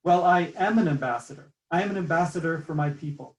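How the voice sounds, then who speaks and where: A man's voice: on the high side, quick pace, close to an everyday voice. A man voicing a determined Native woman in her thirties who speaks firmly and insistently. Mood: resolute. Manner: firm, declarative, insistent. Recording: roomy sound from a distant mic.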